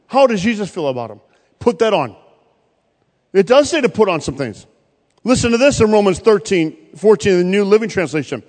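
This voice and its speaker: High-voiced pastor in a reverberant hall. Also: male voice, very animated, brisk. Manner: preaching with sudden loud rises and quiet drops. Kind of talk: sermon.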